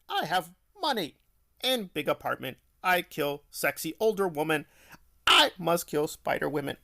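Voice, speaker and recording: A man mimicking a halting, broken-speech villain. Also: a little high, gravelly, a bit bright, exaggerated voice. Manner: clipped, halting phrases with dropped words. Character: evil man speaking in halting, broken, robot-like phrases.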